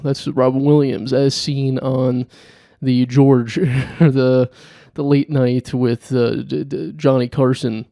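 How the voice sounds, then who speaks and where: Gravelly-voiced man rambling on a podcast. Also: mid-range voice, slow pace, dry recording, clean studio sound. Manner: rambling, deadpan, laughs at own jokes. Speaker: podcast host. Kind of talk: solo comedy podcast monologue.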